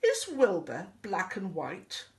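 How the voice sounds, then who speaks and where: A woman's voice: medium pitch, huge pitch swings, slow. A woman reading a picture book aloud, voicing an eager, giggly elephant from the herd.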